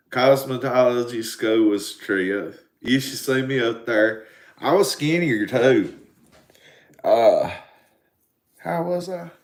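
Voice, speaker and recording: A man in his forties with an Appalachian accent, rambling and swearing in casual live-stream chat with his viewers. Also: medium pitch. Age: 40s. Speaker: livestream host. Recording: roomy echo.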